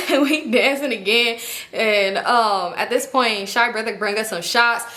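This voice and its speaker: A young woman telling a storytime vlog in casual, slangy style, animated and expressive. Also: fairly high pitch, measured pace. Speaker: storytime vlogger. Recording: echoey room.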